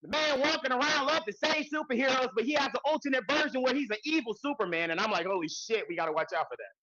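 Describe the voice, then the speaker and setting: A man co-hosting a podcast in casual chat, talking loud and hyped, with slangy, profane banter and shouted intros. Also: extremely high pitch, lively intonation, fast talker, highs cut off, noisy background. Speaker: podcast co-host.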